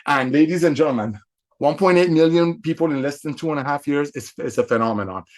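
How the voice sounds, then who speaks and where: His voice is on the high side and he talks fast. As a company executive, he gives his affiliates an excitable motivational sales speech, full of repeated lines and forceful, preacher-style emphasis.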